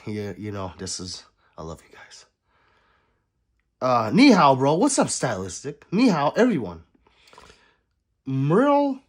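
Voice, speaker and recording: Male streamer, husky tone, lively pitch, jokey chat-reading delivery. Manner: joking, banters with chat. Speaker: livestreamer. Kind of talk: casual livestream chat reading.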